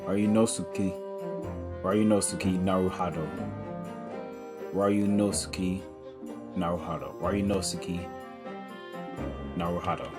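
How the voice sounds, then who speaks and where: Low-voiced man hosting a let's play. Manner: halting, stumbles over names, self-deprecating. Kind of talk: casual let's play commentary, reading game dialogue aloud. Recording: music playing behind.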